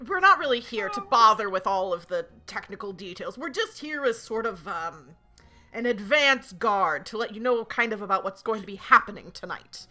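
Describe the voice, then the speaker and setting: A woman narrating a tabletop game as game master, relaxed and chuckling, with frequent fillers. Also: medium pitch, moderate pace.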